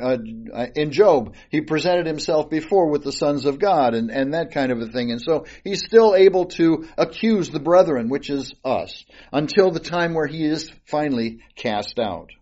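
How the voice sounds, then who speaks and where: A man's voice: fairly high pitch, warm tone. A man giving an informal Bible study sermon, reading old scripture aloud and then explaining it casually with fillers and restarts. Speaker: Bible teacher. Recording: dull lo-fi recording.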